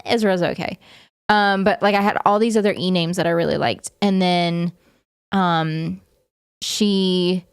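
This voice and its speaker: A woman's voice: on the low side, clear, resonant tone, no echo, studio quality. A woman vlogging to her viewers in a casual, rambling way, full of fillers and restarts. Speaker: vlogger and parent.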